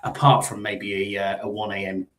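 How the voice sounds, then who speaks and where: A man's voice: on the low side, level tone, moderate pace. A middle-aged man hosting a live sports talk show, chatting casually and rambling with frequent fillers. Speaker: podcast host.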